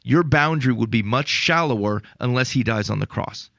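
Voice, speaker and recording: A man with a gravelly, slightly fried voice talks through stories on a podcast, getting worked up and exasperated as he goes. His delivery is animated and full of restarts and filler words. The sound is dry and close to the mic. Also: mid-range voice, normal speed, no echo. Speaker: podcast co-host. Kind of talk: casual faith podcast discussion.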